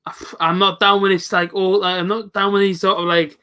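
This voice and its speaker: With a high-pitched, level voice that is fairly quick, bright, forceful and smooth, a man in his late twenties hosts a live football reaction stream. He chats casually, answering viewers from chat by name.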